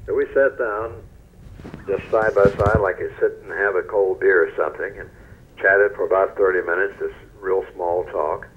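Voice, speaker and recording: An older man from North Carolina, a retired newscaster telling stories in an interview in a folksy, unhurried way. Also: low voice, a little hiss or hum. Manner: folksy, unhurried, trails off softly. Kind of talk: relaxed storytelling interview. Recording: dull lo-fi radio recording.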